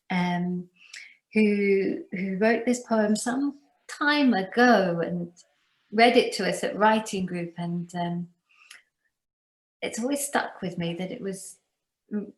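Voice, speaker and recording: A woman hosting an online reading event, introducing readers hesitantly and filling pauses with many ums. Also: medium pitch, echoey room, poor audio. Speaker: event host. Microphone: video call.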